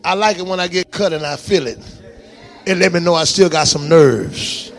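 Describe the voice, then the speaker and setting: High-pitched shouting preacher man. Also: moderate pace, faint music behind. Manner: shouting, exhorting the congregation with call-and-response commands. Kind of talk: fiery sermon. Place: church sanctuary.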